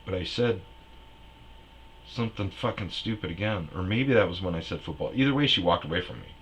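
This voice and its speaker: Talking fairly quickly in a low voice, a young man rambles through a crude personal story in a casual conversation, performing quoted lines for humor. Slight background noise is audible.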